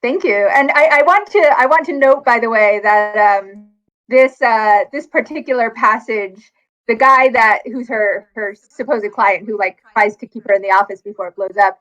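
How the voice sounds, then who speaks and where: A woman author talks casually with a fairly high voice. She speaks quickly and with a lot of energy. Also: fairly bright tone, dull audio. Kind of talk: casual conversation.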